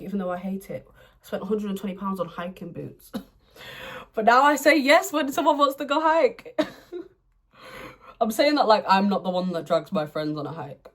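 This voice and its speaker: A young woman talks through her makeup routine in a casual chat at home. She is chatty and playful, laughing often and now and then breaking into excited outbursts. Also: mid-range voice. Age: young adult. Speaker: beauty vlogger. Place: home room, indoors.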